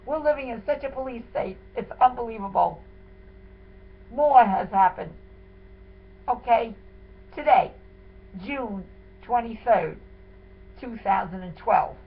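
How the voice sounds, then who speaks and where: A woman's voice: a little high, expressive, measured pace, pauses often, slightly rough. Indignant woman, tinny phone-like sound. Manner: indignant, dramatic retelling. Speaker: wife telling her story. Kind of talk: emotional first-person account.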